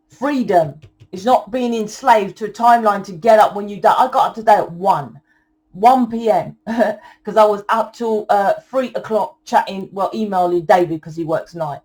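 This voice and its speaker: A young woman giving a channeled tarot reading in a forceful, blunt lecturing way, swearing often. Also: medium pitch, normal speed. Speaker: tarot reader.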